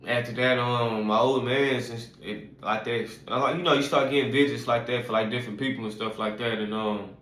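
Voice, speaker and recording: Man in his 30s; loose, rambling storyteller with constant fillers and slang; mid-pitched voice in an echoey room. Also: fairly even intonation, a little fast, hardly any pauses, a bit bright. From Houston, Texas. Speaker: vlogger telling his life story. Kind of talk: casual storytelling.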